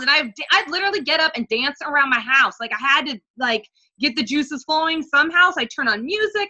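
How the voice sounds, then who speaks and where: A woman talking candidly about her coaching journey in a casual interview, swearing freely and getting animated as she retells things. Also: high-pitched, brisk. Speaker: guest coach.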